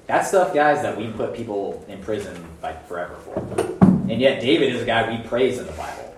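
Casual youth preacher, male, lively and chatty, mic a bit far off, echoey room. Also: fairly low pitch, a little fast, slight background noise. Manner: conversational, animated, frequent "right?" and "guys". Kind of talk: casual sermon.

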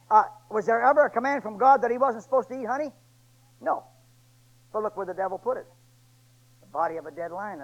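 A man preaching a sermon in a folksy, colloquial storytelling way that swings between booming emphasis and hushed asides. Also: highs cut off.

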